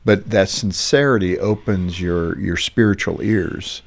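A man's voice: sits low, a little slow, vocal fry. A middle-aged man hosting a radio interview, asking thoughtful, probing questions with rising emphasis on the key points. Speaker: radio show host.

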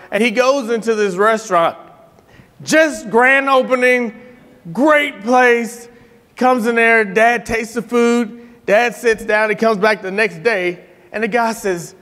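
A middle-aged man telling stories in a sermon style, animated, acting out quotes and laughing often. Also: very high voice, in a large hall. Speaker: speaker giving a tribute.

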